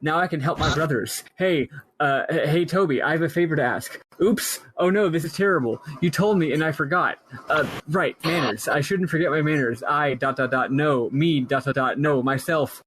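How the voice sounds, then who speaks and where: A man's voice: a little high, normal speed, fairly bright tone, a little hiss or hum, lightly acted, low-quality recording. A man voicing a young male bandit, the youngest brother, who talks in a scattered, forgetful, earnest way. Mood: flustered.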